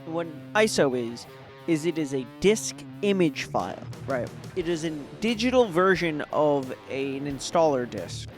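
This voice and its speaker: A man's voice: fairly high pitch, sing-song, measured pace, soft background music. A man, a VTuber, ranting in a casual monologue, exasperated and profane, full of "like" and "right?".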